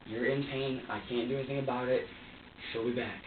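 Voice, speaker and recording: A man being questioned by police, recounting events in a halting, repetitive way with many fillers and restarts. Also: mid-range voice, fairly even intonation, distant mic, noisy background. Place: sheriff's interview room. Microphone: distant room recorder. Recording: tinny lo-fi, echoey room, off-mic.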